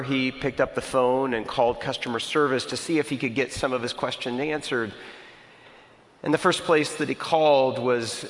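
A man preaching a sermon, telling stories and slowing right down to stress key words. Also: medium pitch, a bit bright. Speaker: pastor. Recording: long hall reverb.

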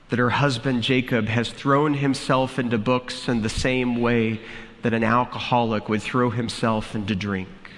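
A male pastor preaching a sermon, telling a story slowly and deliberately for dramatic effect. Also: medium pitch, fairly bright tone, in a large hall.

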